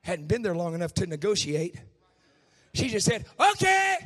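A man preaching a sermon, telling a story in a hushed voice and rising into shouted, sung preaching. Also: sits high, normal speed.

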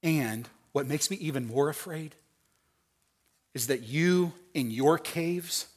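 A middle-aged man preaching a sermon, acting out quoted voices and swinging between hushed, tender lines and loud, emphatic ones. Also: on the high side, takes it slowly. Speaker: pastor.

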